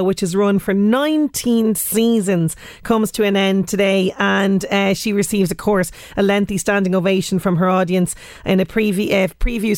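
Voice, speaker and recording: A woman's voice: a little high, no room sound. Chatty Irish woman radio presenter. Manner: chatty, laughs often. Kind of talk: casual radio chat.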